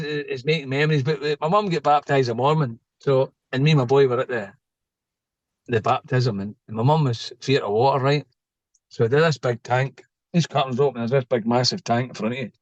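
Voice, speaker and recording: A man's voice: mid-range voice, no room sound, lo-fi sound. A middle-aged man, a podcast guest telling stories in a casual, joking way and laughing at his own tales. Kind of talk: casual storytelling interview.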